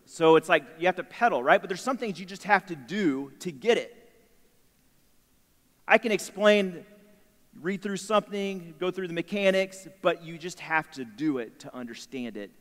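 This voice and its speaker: A man in his thirties giving a storytelling sermon in a chapel, animated and acting out the voices of himself and his son. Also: high-pitched, normal speed. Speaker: chapel speaker. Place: university chapel. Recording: long hall reverb.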